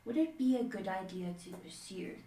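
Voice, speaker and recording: A woman's voice: mid-range voice, expressive, normal speed, mellow. A woman co-host reading viewers' questions aloud. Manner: reads out questions. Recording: distant echoey mic, faint noise.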